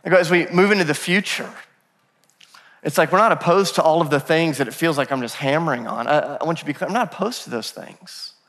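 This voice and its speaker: A male pastor in his thirties preaching a sermon, telling stories in an animated way with self-deprecating humor. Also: fairly high pitch, brisk. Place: church sanctuary. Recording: long church hall reverb.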